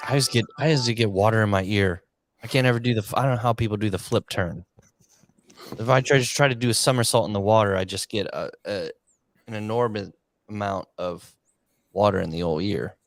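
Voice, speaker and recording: Low-voiced man, relaxed co-host. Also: fairly quick, no echo, studio quality. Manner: relaxed, asks questions, short reactions. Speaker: podcast co-host. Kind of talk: casual chat.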